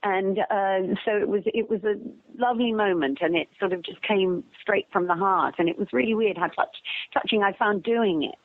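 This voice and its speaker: A woman's voice: medium pitch, moderate pace. An older actress chatting as an interview guest, bubbly and rambling, telling stories and acting out the lines people said to her. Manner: bubbly, rambling anecdotes with acted-out quotes. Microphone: telephone. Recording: tinny phone line.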